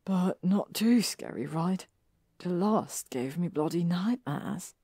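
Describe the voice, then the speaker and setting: A woman voicing a timid, sensitive teenage wizard boy who speaks slowly and plaintively, read from a story. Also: lowish voice, lively intonation, mellow, slightly rough, no room sound, studio quality, exaggerated voice. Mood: worried.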